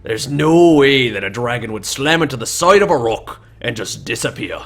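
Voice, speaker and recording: A man's voice: mid-range voice, lively intonation, moderate pace, vocal fry, a bit bright. Man voicing a folksy dwarf plainsman with a burr. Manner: folksy, drawling, teasing.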